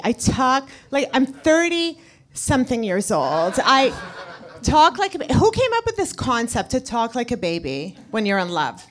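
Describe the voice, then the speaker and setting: Brief: female stand-up, non-native English speaker, self-mocking punchy delivery, pitch a touch high. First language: not English. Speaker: stand-up comedian. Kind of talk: live comedy set, double act.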